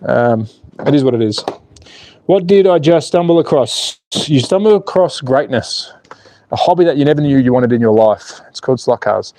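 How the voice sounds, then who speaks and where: A man hosting a live stream outdoors, commentating with excitable jokes and reading viewer chat aloud. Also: medium pitch, normal speed. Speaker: slot car channel host.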